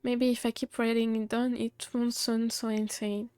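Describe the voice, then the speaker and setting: A woman's voice: a little high, flat delivery, normal speed, darkish tone, smooth, dry recording, studio quality. A woman streamer reading game dialogue aloud in a matter-of-fact way, with small asides of her own.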